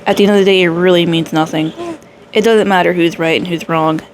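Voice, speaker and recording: Woman, reaction host, sarcastic, scornful, soft background hum. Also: fairly low pitch, fairly even intonation, fairly quick. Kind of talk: commentary over a reaction video.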